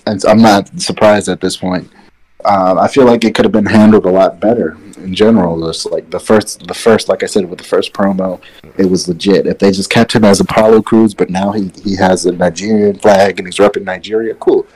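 A man co-hosting a podcast, giving his opinions in relaxed casual chat while sitting away from his mic. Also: deep voice, husky, poor audio. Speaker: podcast co-host.

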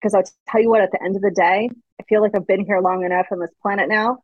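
A woman's voice: mid-range voice, fairly even intonation, fast, dry recording, lo-fi sound. A woman guest speaking candidly and reflectively in an interview, sometimes acting out the voices of people in her stories. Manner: earnest, reflective storytelling, acts out quoted voices. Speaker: guest author.

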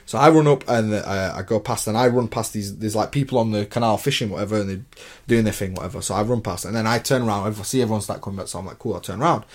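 A man's voice: fairly low pitch, quick pace. A young man, co-hosting a podcast and telling rambling, slangy stories full of restarts. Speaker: podcast co-host. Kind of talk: casual chat.

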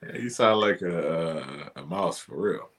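A man from Cleveland co-hosts a casual podcast, teasing his partner in loose slang. His voice sits low in pitch, and he takes his time with a slow, drawn-out pace. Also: fairly bright tone. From Cleveland, Ohio, USA. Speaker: podcast co-host. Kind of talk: casual chat.

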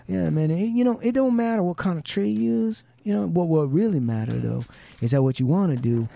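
A man's voice: high-pitched, animated, fairly quick, gravelly, dark tone. A man quoting a laid-back American Indian bow maker with a Southern US accent, in a folksy, easygoing way.

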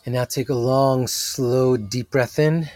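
A man leading a guided meditation as its teacher, talking softly and drawing out each phrase. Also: medium pitch, steady tone. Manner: slow, soft-spoken, drawn-out phrasing.

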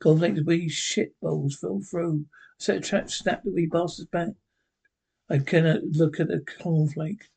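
A man's voice: a little high, fairly even intonation, measured pace, gravelly, darkish tone, husky, full character voice, poor audio. An actor with a Scottish accent playing a lonely older male hermit in a sitcom, telling his story in a plain-spoken, wistful way. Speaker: sitcom character. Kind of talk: sitcom acting.

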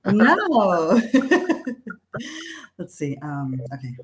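Chatty middle-aged actress, lowish voice. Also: female voice, lively intonation, moderate pace, a little hiss or hum. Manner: chatty, laughs often, rambling restarts. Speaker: actress guest. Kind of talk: casual interview chat.

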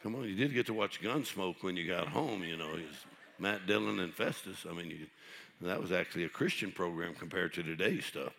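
A middle-aged man pastor preaching a sermon, telling folksy stories and building up to shouted preaching. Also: low voice, a little fast.

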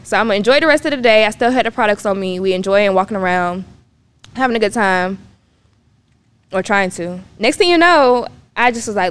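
A young woman telling a personal story in a casual, animated way, acting out the lines of the people in it. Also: mid-range voice, a little fast, clear, resonant tone. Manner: animated, acts out quoted dialogue. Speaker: guest.

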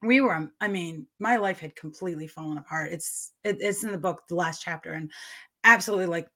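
Woman, middle-aged, interview guest, excitable, rambling, laughs often. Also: on the low side, brisk. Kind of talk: conversational interview.

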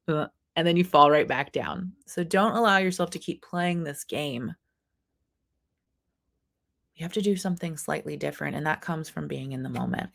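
A woman's voice: fairly low pitch, moderate pace, gravelly. A woman in her thirties hosting a motivational live stream, talking earnestly and acting out her own inner voices. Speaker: host. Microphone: camera mic.

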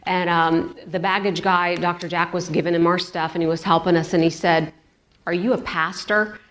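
A woman with a somewhat low voice delivers a sermon in church. She talks in a relaxed, chatty way and repeats key words to stress them. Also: brisk. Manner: conversational, repeats words for emphasis. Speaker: pastor.

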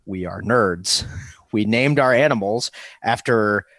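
A man's voice: on the low side, slow pace, fairly bright tone, no echo. A man co-hosting a podcast in casual chat, joking and teasing and laughing often. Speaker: podcast co-host.

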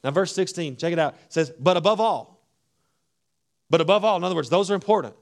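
A man delivers a sermon with a somewhat high-pitched voice. He drops into hushed, low phrases, then rises to loud, emphatic declarations. His voice is expressive and dramatic. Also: fast, creaky. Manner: preaching with wide swings between hushed and loud, acting out voices. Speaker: pastor.

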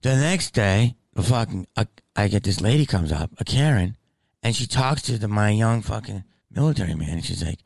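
Profane, heated comedian ranting in a low voice. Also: male voice, expressive, normal speed, gravelly, no echo. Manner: swings from mumbled asides to shouting. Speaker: comedian podcast host. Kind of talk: casual storytelling rant.

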